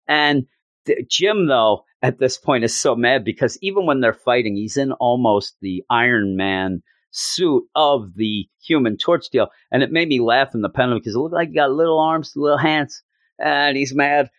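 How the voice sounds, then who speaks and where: A man's voice: mid-range voice, normal speed, no echo. Man, podcast host, jokey rambling comic review, dry close sound. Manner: rambling, jokey, animated retelling. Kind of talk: casual comic book review.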